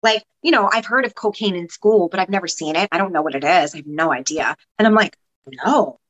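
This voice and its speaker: A woman guest on a podcast, candidly recounting her past in an animated, casual way, sometimes swearing and acting out what others said. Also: fairly low pitch, quick pace, low-quality recording. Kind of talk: candid personal storytelling.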